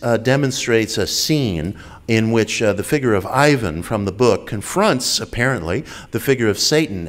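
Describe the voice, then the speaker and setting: A man giving a public lecture in an enthusiastic, wry way, with frequent fillers. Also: lowish voice.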